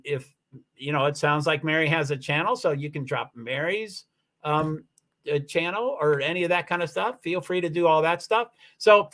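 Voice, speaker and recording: A man with a high, bright voice hosts a casual livestream, thanking viewers and wandering between points. He talks in a loose, rambling way, full of ums and restarts. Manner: rambling, chatty, with many fillers and restarts. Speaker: livestream host.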